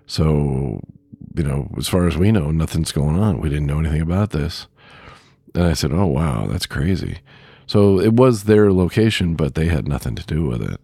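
A man with an extremely deep, gravelly voice talks through a podcast monologue in a loose, rambling way, full of fillers and little chuckles. The voice is husky and sits close and dry on the mic. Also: expressive, normal speed, mellow, no echo. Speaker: podcast host; truck driver. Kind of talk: casual spoken monologue.

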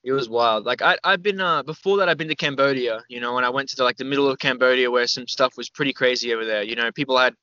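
A young Australian man telling a long story as a podcast guest, rambling and animated, full of fillers and the odd swear word. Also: medium pitch, quick pace, few pauses, no echo, dull audio. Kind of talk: casual storytelling interview.

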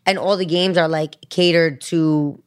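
Lively slangy woman guest. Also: sits low, unhurried, smooth. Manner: lively, slangy, animated storyteller. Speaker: guest, comedian and rapper. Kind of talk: casual podcast chat.

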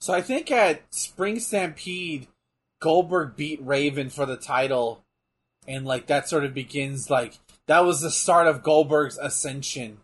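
A man co-hosting a casual watch-along chat, excitable and profane, shouting out his reactions. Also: fairly high pitch, a little slow, husky. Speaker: co-host.

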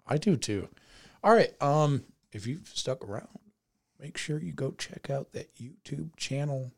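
A man's voice: medium pitch, expressive, a little slow, vocal fry. A man co-hosting a podcast, rambling through the sign-off in a crude, offhand way. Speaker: podcast co-host. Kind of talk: casual podcast outro.

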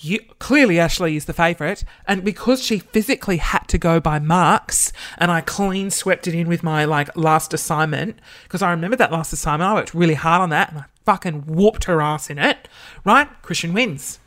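Gossipy, animated Australian young man. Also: fairly high pitch, moderate pace. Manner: animated, gossipy, swears freely, breaks into gasps. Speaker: vlogger. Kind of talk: casual storytelling while sorting old school papers.

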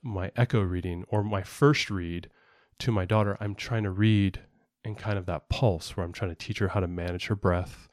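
A man's voice: sits low, steady tone, moderate pace, no echo, clean studio sound. A man co-hosting a casual podcast, explaining at length in a rambling way with frequent fillers and restarts. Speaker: podcast co-host and parent.

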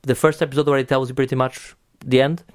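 A man's voice: mid-range voice, level tone, quick pace, dry recording, studio quality. A man hosting a podcast in casual chat, talking enthusiastically with many restarts and casual swearing. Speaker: podcast host.

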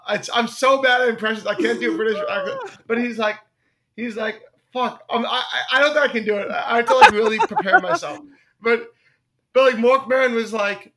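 High, bright young man on a podcast. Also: fast talker. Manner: animated, swearing, jokey impressions. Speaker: podcast co-host. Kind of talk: casual podcast chat.

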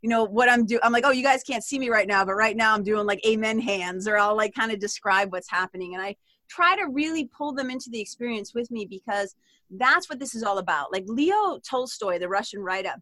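A woman with a Boston accent, chatting as a podcast guest in a lively, rambling way with frequent laughs. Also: a little high, brisk, no echo. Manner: chatty and animated, given to tangents and laughter. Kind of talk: casual interview chat.

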